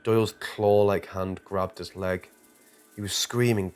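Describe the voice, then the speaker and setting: A man with a lowish voice tells a horror story in a tense, dramatic way. Quiet background music plays under his reading. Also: steady tone, unhurried, clear, resonant tone. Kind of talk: scripted horror narration.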